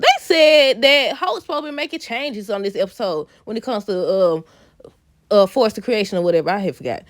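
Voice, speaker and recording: A woman recapping a soap opera episode in a casual vlog, animated and laughing often. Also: mid-range voice, dry recording, clean studio sound. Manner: animated, laughs often, addresses viewers as y'all.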